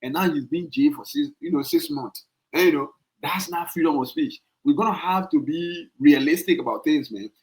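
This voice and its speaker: A man with a Liberian English accent hosting a podcast and arguing his point, repeating himself and jumping up high when worked up. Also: moderate pace, low-quality recording. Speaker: podcast host. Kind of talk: heated podcast debate.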